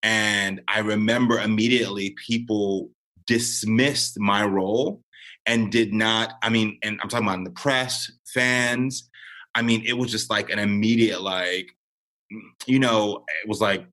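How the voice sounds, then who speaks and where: Earnest man, low voice, reflective. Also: normal speed. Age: 30s. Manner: earnest, reflective, animated when telling stories. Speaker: guest. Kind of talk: podcast conversation.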